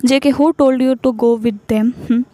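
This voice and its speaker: A woman's voice: fairly high pitch, steady tone, moderate pace, warm tone, no room sound, lightly acted. A woman voicing a hot-tempered young husband in a fan fiction story, demanding and then pleading. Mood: angry.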